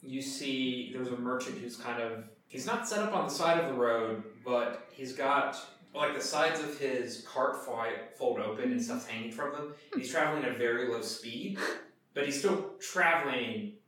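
A man's voice: medium pitch, normal speed, fairly bright tone. A man running a tabletop game as game master, narrating in a loose, rambling way. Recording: echoey room, mic far off.

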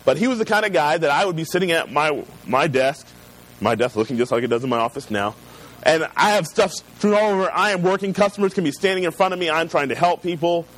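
A man preaching in a relaxed, conversational way. He reads scripture slowly and deliberately, then slips into easygoing personal storytelling. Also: on the high side, poor audio. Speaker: pastor. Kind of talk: sermon with personal stories.

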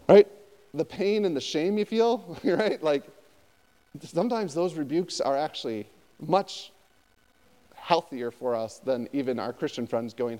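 A man pastor preaching a conversational sermon, often turning to his listeners with quick questions. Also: on the high side, in a large hall. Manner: conversational, animated, asks the audience often.

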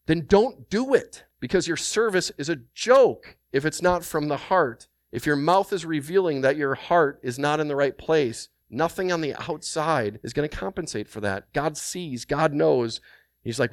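A man's voice: medium pitch, normal speed, no echo. Brief: male pastor, resonant voice, dry close sound, emphatic sermon delivery. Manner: animated, emphatic preaching with repeated phrases and rhetorical questions.

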